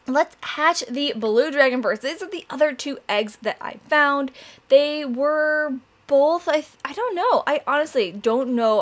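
A bubbly young woman talks through her gameplay in casual let's-play commentary. Her voice sits high and swoops widely, jumping into excited squeals and delighted gasps. She chats easily and openly to her viewers. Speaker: gaming channel host.

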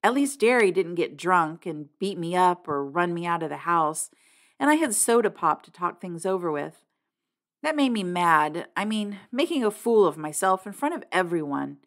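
Woman, audiobook reader, expressive, lowish voice. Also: normal speed. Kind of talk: audiobook reading.

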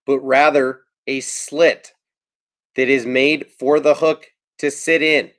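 A man hosts a casual live stream and talks through his favorite baits in a loose, easygoing way. He fills his pauses with ums and breaks off to answer viewers' comments as they come in. His voice sits at an ordinary middle pitch for a man. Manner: relaxed, rambling with frequent ums. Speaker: fishing channel host.

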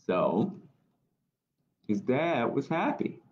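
Male storytime host, slow and animated reading to kids, dull lo-fi stream. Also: fairly low pitch. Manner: gentle, engaging, asks kids questions. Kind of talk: reading picture books aloud to children.

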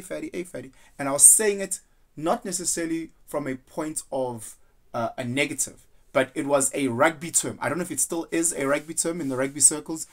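A young man talking through his thoughts in a casual, rambling monologue, earnest and loose, slipping into quoted voices now and then. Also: medium pitch. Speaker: vlogger.

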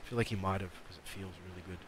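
A man's voice: low-pitched, fairly even intonation, rapid-fire, a little hiss or hum. A man giving rambling live commentary while playing a game, mumbling and talking back at the enemies on screen. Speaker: streamer.

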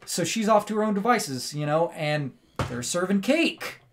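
A man with a somewhat high voice talks through a film plot on a casual podcast. He rambles in an animated way and keeps asking "right?" as he goes. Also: normal speed, a little hiss or hum. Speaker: podcast co-host.

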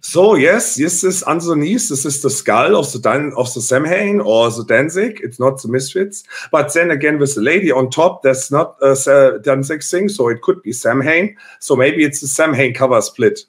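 A man's voice: mid-range voice, lively intonation, normal speed, few pauses, natural voice. A man putting on the voice of a pedantic male German fan nitpicking in an online comment. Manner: fussy, nitpicking.

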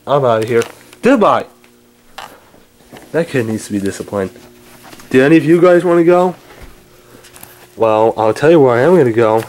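A man's voice: mid-range voice, lively intonation, normal speed, long pauses, noisy background. A man bickering and stammering through a homemade comedy skit in which he plays several characters.

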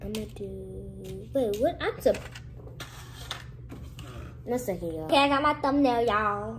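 A young woman chatting casually to camera in a vlog, lively and sometimes dropping to hushed whispers. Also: mid-range voice, measured pace, pauses often, slight background noise, low-quality recording. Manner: lively, switches to hushed whispers when nervous. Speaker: vlogger.

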